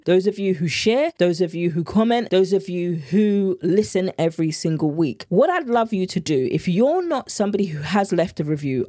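A woman's voice: lowish voice, warm tone, no echo, clean studio sound. A British woman hosting her own podcast as a meal planning coach, talking in an earnest, heartfelt, chatty way. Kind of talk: solo podcast talk.

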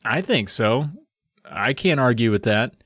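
A man co-hosting a movie podcast, joking in a dry, deadpan way in casual chat. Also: mid-range voice, measured pace, dry recording. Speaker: podcast co-host.

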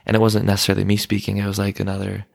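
Gravelly young man, low and flat. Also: racing, no echo, studio quality. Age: young adult. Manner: rambling, many fillers. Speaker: guest, son of host. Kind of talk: casual chat.

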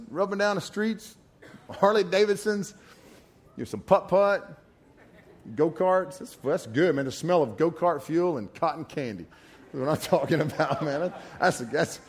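A man preaching a sermon, telling folksy personal stories with frequent laughter. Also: high voice. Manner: animated storyteller, laughs often, folksy asides.

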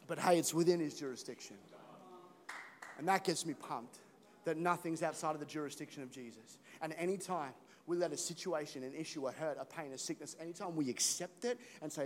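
A man preaching an animated sermon as a pastor, joking and building to loud peaks. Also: on the high side, a little fast. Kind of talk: energetic sermon. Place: large church hall. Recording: long hall reverb.

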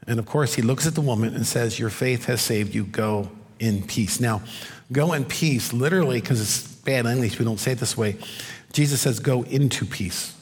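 Male pastor, mid-pitched voice, expository sermon, church hall reverb. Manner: expository preaching, rhetorical questions, slows for emphasis.

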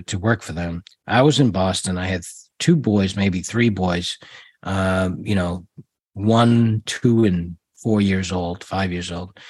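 A man's voice: on the low side, slightly rough, dry recording. A middle-aged man, a guest in an interview, telling rambling stories with many restarts and fillers. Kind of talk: casual interview storytelling.

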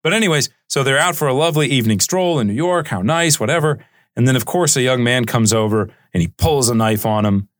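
A male history podcast host talks through his subject in a relaxed, digressive manner. His voice sits at an ordinary middle pitch. The recording is dry and close, with no room sound. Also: fairly quick, dry recording. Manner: chatty and digressive, with frequent "uh" and "right?". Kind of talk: conversational history lecture.

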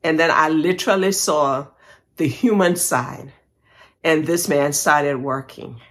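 A woman podcast host telling a personal faith testimony, emotional and animated, breaking into praise. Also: low-pitched, unhurried.

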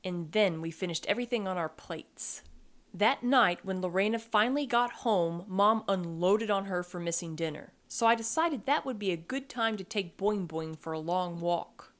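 A woman reading a first-person story aloud as podcast host, wry and expressive. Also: medium pitch, normal speed.

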